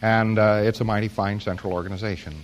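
A man's voice: on the low side, fairly even intonation, fast, slight background noise. An American man giving an informal lecture to an audience, with a wry, joking, rambling delivery.

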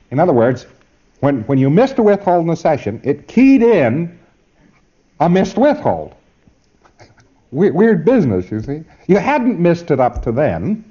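A man's voice: a little high, dark tone, highs cut off. A man giving an informal training lecture, emphatic and wry, often checking that his listeners follow.

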